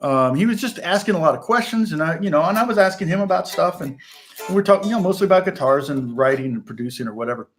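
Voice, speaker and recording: A middle-aged man with a slightly higher voice than most men tells a long personal story on his channel. He rambles, stops and restarts sentences, and laughs along the way, like a relaxed host chatting with viewers. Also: fast. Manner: rambling, self-interrupting, laughs often. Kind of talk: casual storytelling livestream.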